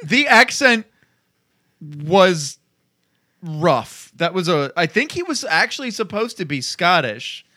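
A man on a casual podcast who swears freely and acts out quick impressions as he recaps. His voice sits a little high and sounds bright, recorded close and dry. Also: big pitch swings, dry recording. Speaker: podcast host. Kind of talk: casual chat.

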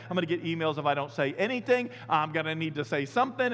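A man preaching a sermon as pastor, talking in a lively, conversational way with sudden loud bursts. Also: a little high, fast talker, hardly any pauses. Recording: long hall reverb.

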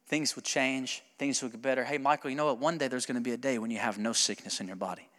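A pastor in his thirties giving a sermon, moving from quiet, low talk to loud, high-pitched preaching. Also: steady tone, fast, hardly any pauses, long reverb tail. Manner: rises to loud, high preaching then drops to soft, low speech.

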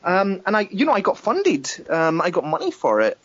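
A Scottish man talks fast and loose on a podcast, swearing and restarting his sentences as he rants. His voice sits high and swings widely, with a husky edge. The recording sounds dull and lo-fi. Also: wildly swooping pitch. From Scotland. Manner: ranting, sweary, many restarts and fillers. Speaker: documentary maker and podcast guest. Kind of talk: casual podcast chat.

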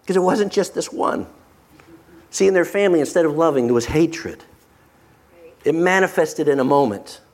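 Brief: male pastor, slightly high pitch, emphatic delivery that drops to a hush. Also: normal speed, long pauses. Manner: emphatic, swings from animated to hushed. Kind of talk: sermon.

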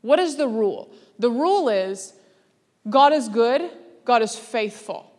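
Lively woman preaching in a hall. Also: a little high, a little slow. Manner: lively, laughing, acts out quoted voices. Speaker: speaker. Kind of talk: sermon. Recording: long hall reverb.

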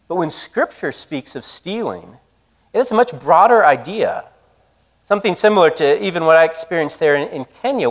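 A man preaching a sermon, telling a story in a lively, conversational way. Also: fairly high pitch, in a large hall. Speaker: pastor.

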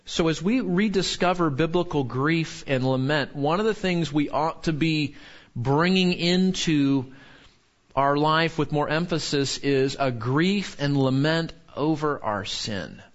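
Earnest preaching man, dull recording. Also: a little slow. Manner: earnest, rises sharply when quoting and falls low when somber. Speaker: pastor. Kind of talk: sermon.

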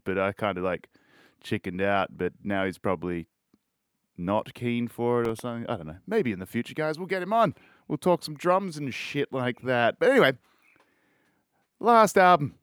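A man's voice: on the low side, lively intonation, normal speed, fairly bright tone, clean tone, dry recording, clean studio sound. Laid-back, cussing Australian podcast guy. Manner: rambling, swears often, laid-back. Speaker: podcast host. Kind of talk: casual music-review chat.

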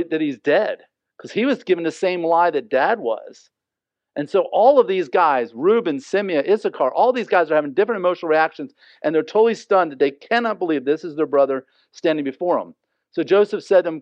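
A man's voice: on the high side, no echo. A man teaching a Bible passage in an earnest, conversational way, often asking listeners to imagine the scene. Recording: dry, slightly dull lo-fi sound.

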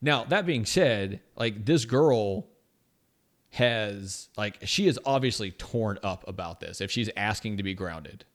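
A young man co-hosting a casual podcast, talking in a rambling, animated way with lots of restarts and "right?" tags. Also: lowish voice, takes it slowly. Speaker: podcast co-host. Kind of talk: casual chat.

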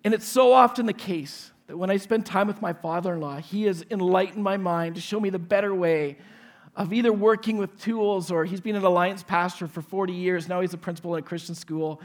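Speaking a little fast in a fairly high voice, a 40s pastor shares a personal story in his sermon. He performs every character's lines with animation, then moves on to scripture.

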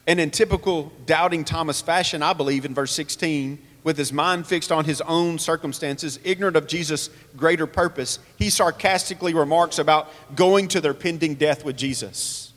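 A man's voice: on the high side, fairly bright tone, in a large hall. A man preaching a sermon, earnest, asking rhetorical questions and reading scripture aloud. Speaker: pastor.

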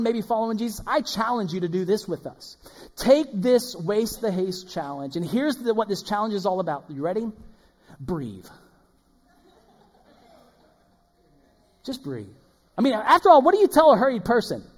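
A man preaching a sermon as pastor, swinging between loud emphatic lines and hushed ones. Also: sits high. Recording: long hall reverb.

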